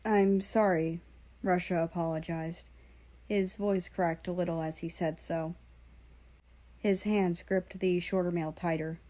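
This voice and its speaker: A woman reading a fan fiction story aloud in a calm, measured way. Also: lowish voice. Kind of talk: audiobook narration.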